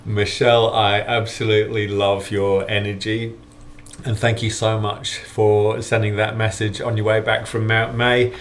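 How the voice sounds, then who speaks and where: A man's voice: lowish voice, little pitch movement, unhurried, slight background noise. Man, middle-aged, casual vlog host, friendly, rambling, lots of ums. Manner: friendly, rambling, with many fillers and restarts. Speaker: hiking challenge organiser and vlogger.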